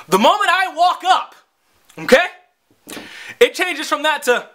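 Young male vlogger, high-pitched and sharp, rambling profane rant. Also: sing-song, normal speed. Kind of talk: casual storytelling rant.

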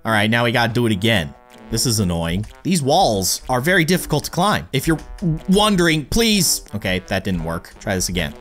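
A man giving excitable let's-play commentary as a gaming YouTuber, pleading with the game and cheering on a teammate. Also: medium pitch, moderate pace, soft background music.

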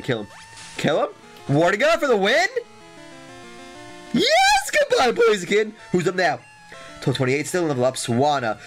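A man giving excitable, jokey gameplay commentary as a let's play host, exclaiming and repeating himself, with faint guitar music behind. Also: a little high.

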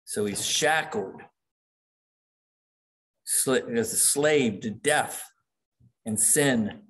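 A man's voice: mid-range voice, drawn-out words, fairly bright tone. A middle-aged man preaching a sermon as pastor, reading quoted passages aloud with dramatic emphasis.

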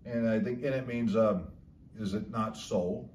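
A man's voice: on the low side, fairly even intonation, darkish tone, a little hiss or hum. A man casually explaining local slang words, chuckling often as he talks. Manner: slow, chuckling, drawn-out storytelling. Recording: echoey room, slightly distant mic.

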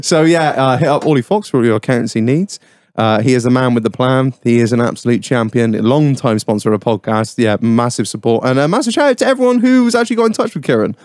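Brief: male podcast host, animated pitch, sweary banter, close dry mic. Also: fast, no room sound. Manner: swearing, laughing, acts out quoted people. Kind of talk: casual chat.

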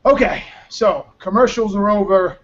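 Tired male host, high-pitched and loose, rambling with a bit of profanity, muffled lo-fi stream sound. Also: moderate pace, a little hiss or hum. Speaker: show host. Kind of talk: casual live web show chat. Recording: dull lo-fi stream audio.

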